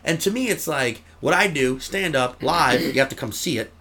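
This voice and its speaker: A male comedian talks casually as a guest, rambling and swearing freely. His voice sits a touch high with a bright edge, and his pitch swings a lot. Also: moderate pace. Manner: profane, rambling, animated. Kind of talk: casual chat.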